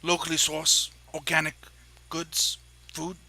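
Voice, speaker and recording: A man's voice: fairly high pitch, completely flat delivery, measured pace, pushed and bright, exaggerated voice. A man playing a terse innkeeper who used to be an adventurer. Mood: matter-of-fact. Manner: terse, matter-of-fact. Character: former adventurer, plain middle-aged innkeeper.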